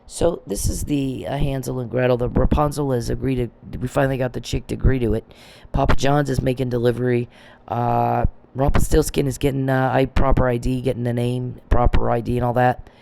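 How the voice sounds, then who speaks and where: A man's voice: medium pitch, steady tone, brisk, creaky, a little mellow, slight background noise. A man delivering an agitated, accusing monologue, swearing freely and repeating himself for emphasis. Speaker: vlogger. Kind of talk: ranting monologue.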